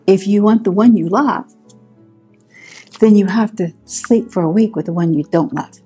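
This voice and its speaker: A woman's voice: mid-range voice, moderate pace, warm tone, slightly rough, soft background music. A woman teaching a Bible story with vivid, dramatic retelling and repeated words for emphasis.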